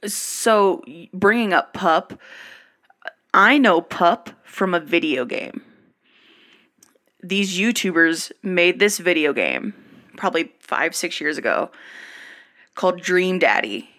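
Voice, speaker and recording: A woman hosting a podcast, explaining things in a relaxed, rambling, casual way. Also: lowish voice, slow pace, long pauses. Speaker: podcast host. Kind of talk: casual chat.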